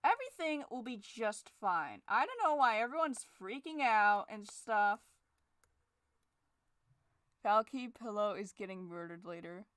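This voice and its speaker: Young woman rambling while drawing, sarcastic and sweary, bright voice, dry close sound. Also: sing-song, a little slow, no room sound. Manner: sarcastic, swings to shrill forced cheer; swears freely. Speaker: drawing vlogger. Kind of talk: casual chat while drawing.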